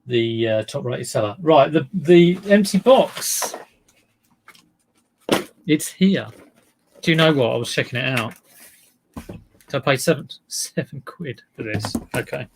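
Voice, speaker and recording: A man hosting a casual live stream about his online resale listings, talking in a deadpan, joking way. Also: mid-range voice, slight background noise. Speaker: livestream host.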